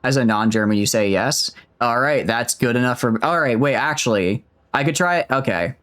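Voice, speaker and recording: A man's voice: medium pitch, moderate pace, fairly bright tone. A man in his twenties chatting casually with viewers while streaming a game, rambling and joking at himself. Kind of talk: casual gaming stream chat.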